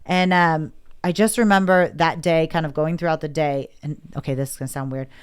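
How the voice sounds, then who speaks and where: A woman's voice: low-pitched, fairly quick, smooth. A woman as a podcast guest, candidly and emotionally telling a personal story, often acting out what others said. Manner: candid, emotional, quotes others in lively voices. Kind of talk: casual interview storytelling.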